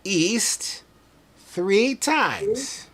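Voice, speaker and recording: A man voicing a decrepit, hunched old miser who talks in slow, drawn-out sing-song. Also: sits high, expressive, crowd noise, pitched above the performer's own voice, heavily acted. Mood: wheedling.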